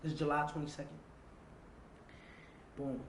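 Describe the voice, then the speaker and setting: A fairly high-voiced man, animated, acting out the voices in his story as he tells it. He swears freely and talks in a street-casual way. The room sounds echoey, with a faint hum of ambience behind him. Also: moderate pace, gravelly. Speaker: interview guest. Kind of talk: storytelling in a sit-down interview.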